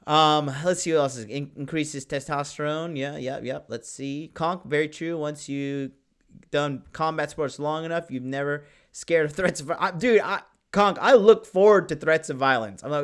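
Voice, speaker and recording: A man hosting a live podcast, talking in a brash, profane and excitable way as he reads chat comments. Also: fairly high pitch, normal speed, clear, resonant tone. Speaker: podcast host. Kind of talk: casual live-stream talk.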